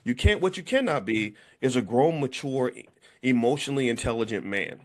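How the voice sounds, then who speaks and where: A man in his fifties giving an animated monologue, telling stories and acting out what people said. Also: a little fast. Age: 50s. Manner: animated storytelling, acts out quotes with big pitch jumps. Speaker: commentator. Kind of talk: casual monologue to camera.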